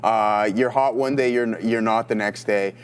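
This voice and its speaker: A man co-hosting a live trading stream, giving relaxed, opinionated technical takes on stocks. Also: lowish voice, moderate pace, smooth. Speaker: co-host trader. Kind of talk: casual market chat.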